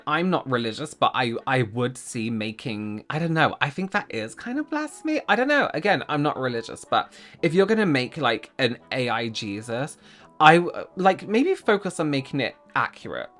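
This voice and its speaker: A man's voice: mid-range voice, a bit bright. A man hosting a reaction video, rambling and cutting himself off as he chats to camera. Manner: rambling, self-interrupting, laughs often. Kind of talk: casual commentary to camera.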